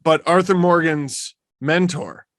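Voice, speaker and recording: A man in his thirties hosting a podcast, chatting casually, excitable and quick to laugh. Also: fairly high pitch, no room sound. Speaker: podcast host. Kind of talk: casual chat.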